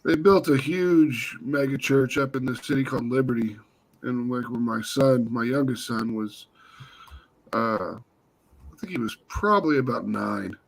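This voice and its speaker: A man's voice: mid-range voice, unhurried, vocal fry, rough recording. A middle-aged man chatting as a guest, telling anecdotes easily and laughing often. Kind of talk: casual chat.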